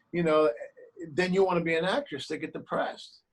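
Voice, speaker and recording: Animated man telling stories on a call. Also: on the high side, fairly quick, poor audio. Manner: animated storyteller, acts out quoted voices. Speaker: actor and producer, guest. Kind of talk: remote interview, storytelling advice.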